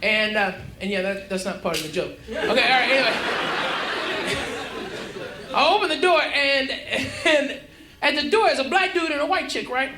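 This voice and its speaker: A man's voice: very high-pitched, lively intonation, moderate pace, pauses often, sharp tone. A man doing a brash, profane stand-up set and checking in with the audience. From Houston, Texas. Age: 40s. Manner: brash, profane, conversational, keeps checking in with the crowd. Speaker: stand-up comedian. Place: comedy club stage before a live audience. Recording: roomy club recording with crowd laughter.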